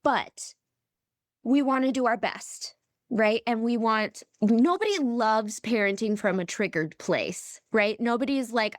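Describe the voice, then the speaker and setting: A woman's voice: a little high, a little slow, no room sound, clean studio sound. A woman coach on a podcast, speaking emphatically and often checking in with "right?". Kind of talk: podcast conversation.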